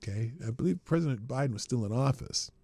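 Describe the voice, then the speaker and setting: A man hosting a casual political commentary show, talking in sarcastic, animated rants full of laughs and restarts. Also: medium pitch, fast, husky, no echo. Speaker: show host.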